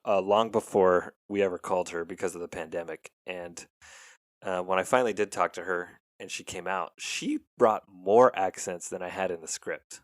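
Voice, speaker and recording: A man, a film editor and director, telling stories in a relaxed interview with frequent ums. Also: low-pitched, moderate pace, no room sound, studio quality. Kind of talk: casual interview talk.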